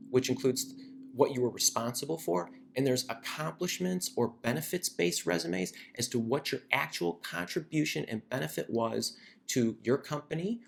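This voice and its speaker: His voice sits at medium pitch with a gravelly texture. He hosts a career advice video, giving instruction to camera in a chatty way and frequently repeating words mid-thought.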